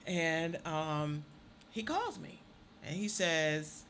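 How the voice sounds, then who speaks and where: Bright-voiced, animated woman storyteller. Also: low-pitched, slow, slight background noise. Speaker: co-host. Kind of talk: casual radio talk, storytelling.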